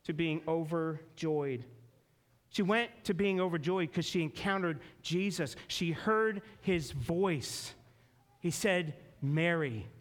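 A man preaching a sermon as a pastor, earnest and storytelling, slowing down and dropping low for emphasis. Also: a bit bright.

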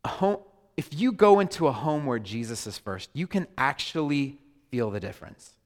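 A man preaching a sermon as a pastor, animated and joking with his congregation. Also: mid-range voice, moderate pace. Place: large church hall. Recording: hall reverb.

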